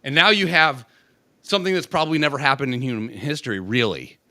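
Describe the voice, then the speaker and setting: A man co-hosting a podcast in casual chat, animated and crude, rambling with lots of swearing. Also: medium pitch, fast, no room sound. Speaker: podcast co-host.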